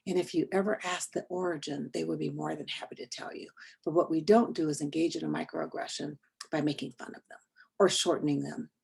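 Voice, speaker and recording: A woman leads an online training session with a low, gravelly voice that is slightly husky. She speaks earnestly and deliberately, and often lets the end of a point sink into a soft near-whisper. The sound comes through a video call. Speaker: workshop trainer.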